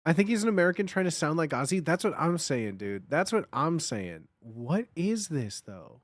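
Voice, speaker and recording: A man streaming casual reaction commentary, excitable and slangy, often repeating himself. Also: on the high side, normal speed, no echo.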